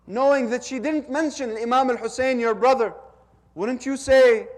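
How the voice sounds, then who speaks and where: A man delivering a mourning sermon, telling a story slowly and urging the audience to repeat lines after him. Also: extremely high pitch. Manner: slow, drawn-out, urges the audience to repeat lines. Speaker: speaker at a religious gathering. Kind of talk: mourning sermon with call-and-response.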